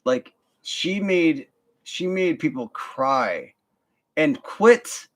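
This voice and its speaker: A man's voice: on the high side, animated, drawn-out words, fairly bright tone. A young man telling a work story in a casual, profane, rambling rant full of fillers and restarts. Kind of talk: casual ranting monologue.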